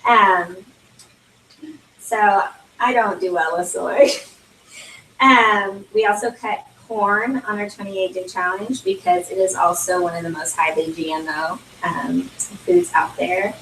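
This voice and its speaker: A woman's voice: medium pitch, a little slow, fairly bright tone, a little hiss or hum. A young woman giving a casual product talk at a home party, chatty and full of fillers. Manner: chatty, many fillers, laughs often. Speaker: consultant presenting at a launch party. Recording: roomy, distant camera audio.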